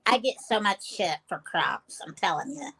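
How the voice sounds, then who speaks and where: A woman's voice: fairly low pitch, expressive, normal speed, vocal fry, fairly bright tone, husky. A woman co-hosting a podcast in casual chat, playful and a little defensive. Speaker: podcast co-host.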